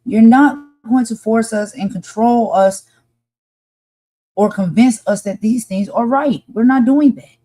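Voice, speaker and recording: A woman's voice: fairly high pitch, slow pace, warm tone. Impassioned woman podcast co-host. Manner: passionate, emphatic, repeats points for force. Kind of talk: impassioned live discussion.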